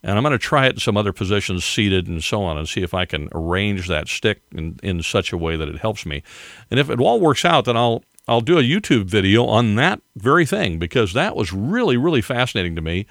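A man's voice: fairly low pitch, very animated, brisk, fairly bright tone, dry recording, clean studio sound. An older man hosting a podcast, rambling through a casual monologue with chuckling asides. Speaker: podcast host.

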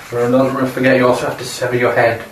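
A man's voice: mid-range voice, completely flat delivery, fast. A man playing in a tabletop game, making dry, wry remarks. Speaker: player. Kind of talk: casual tabletop chat. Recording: echoey room, distant mic, audible noise.

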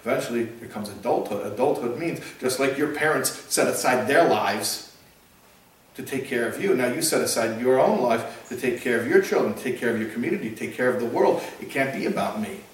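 A man's voice: medium pitch, animated, fairly quick. A man giving a storytelling sermon as a religious teacher. He talks earnestly, often repeats and restarts words, and mixes in Hebrew and Yiddish terms. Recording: very echoey room, distant mic, faint noise.

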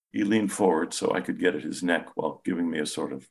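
A man, a psychiatrist, calmly narrating a patient case in the first person with measured storytelling. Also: extremely low pitch, vocal fry. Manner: calm, measured storytelling, softens when speaking gently.

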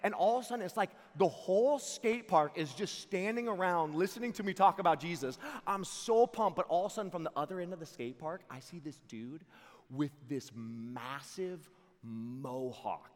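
A young man preaching to a camp crowd, telling a story in an excitable, animated way and laughing along. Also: sits high, brisk, hardly any pauses. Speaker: camp speaker. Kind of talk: storytelling sermon to a youth camp. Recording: long hall reverb.

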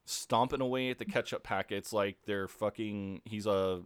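A man's voice: fairly low pitch, fairly even intonation, moderate pace, smooth, no room sound, studio quality. A man co-hosting a podcast, casually recapping a show with lots of ums and restarts. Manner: laid-back, many ums and restarts, laughs often. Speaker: podcast co-host.

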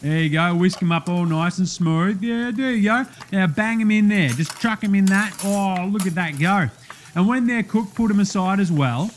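A loud, cheeky Australian bloke hosting a cooking show, as a man puts him on, his voice riding high. He throws around slang and jokes with his studio crowd in a broad accent, all part of a comedy sketch. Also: normal speed, slight background noise, lightly acted. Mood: boisterous. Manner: larrikin, rowdy slang-heavy banter.

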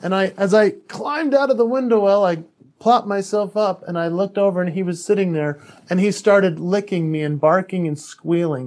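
A man's voice: sits high, moderate pace, a little mellow. A man who is an author and speaker, a podcast guest telling a personal story in an earnest, candid way, often restarting his sentences.

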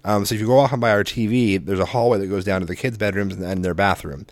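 Man, casual podcast talk, profane, animated, sudden loud outbursts, dry close sound. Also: lowish voice, fast talker, no echo. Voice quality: loud bursts when quoting himself. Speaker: podcast co-host, parent. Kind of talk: casual chat.

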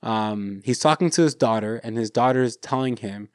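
A man's voice: medium pitch, normal speed, no room sound, clean studio sound. A man with an American accent, a podcast host chatting casually and retelling a film scene, acting out the lines. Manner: animated retelling, acts out movie lines. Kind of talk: casual chat.

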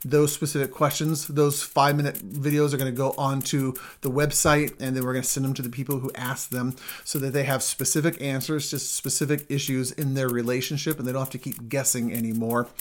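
With a medium-pitched voice that barely moves in pitch, a middle-aged marriage coach talks fairly quickly and with hardly any pauses while co-hosting a marriage show. His casual teaching about communication habits is earnest and emphatic, gaining intensity as he lists points.

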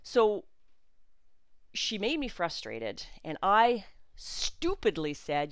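A woman's voice: mid-range voice, slow, long pauses, clean tone, no room sound. Emotional chatty woman podcaster, dry close sound, lots of ums. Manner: emotional, animated, chatty with fillers. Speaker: podcast host. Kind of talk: personal storytelling monologue.

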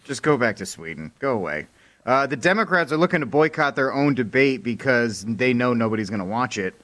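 A man's voice: medium pitch, expressive, brisk, fairly bright tone. A man co-hosting a talk radio news segment, talking casually and wryly with a joking edge. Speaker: news co-host.

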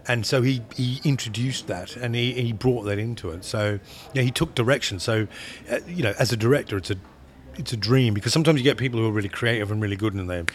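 A man, a film director, talking in an interview in a rambling, halting way, often repeating words as he searches for them. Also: medium pitch. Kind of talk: interview conversation.

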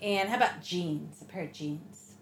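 A woman's voice: lowish voice, normal speed. Woman, lesson host, chatty questioner, echoey room. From United States. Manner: chatty, asks short prompt questions. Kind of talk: casual language lesson. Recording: echoey room with faint noise.

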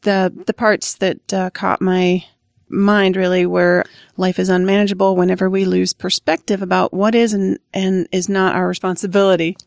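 A woman's voice: medium pitch, little pitch movement, normal speed, gravelly, no room sound, studio quality. A woman sharing her first recovery meeting on a podcast, speaking reflectively with frequent small restarts. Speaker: Al-Anon member sharing her story.

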